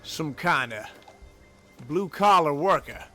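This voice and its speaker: A male streamer chatting over his gameplay with quick, self-mocking asides to viewers. His voice sits high and bright, with soft game music underneath. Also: animated. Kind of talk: live gameplay commentary.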